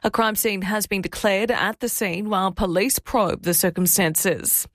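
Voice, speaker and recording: An Australian woman reads the morning radio news in a measured, clear way. She is close to the studio microphone, and the sound is dry with no room echo. Her voice sits in a middle register. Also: medium pitch. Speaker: news presenter.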